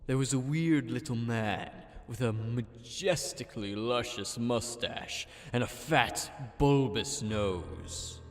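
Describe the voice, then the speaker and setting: Slow, theatrical man telling a comic tale. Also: mid-range voice. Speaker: storyteller. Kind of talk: mock-dramatic comic story narration. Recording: echoey, music behind.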